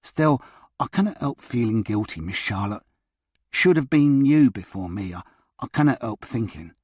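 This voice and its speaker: A man's voice: mid-range voice, animated, normal speed, darkish tone, breathy edge, dry recording, clean studio sound. A man voicing a grateful, self-effacing young housemaid who gushes. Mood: effusive.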